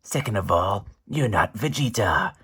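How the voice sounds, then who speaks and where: A man's voice: on the low side, lively intonation, a little slow, sharp tone, husky, heavily acted. A man voicing an arrogant, proud alien warrior prince who boasts in haughty repetition.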